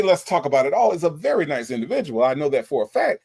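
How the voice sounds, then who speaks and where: A male host reacts to radio clips with incredulous, mocking commentary. His voice is fairly high and swings widely in pitch. It has a gravelly, creaky edge. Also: sing-song, fast, few pauses, a little mellow.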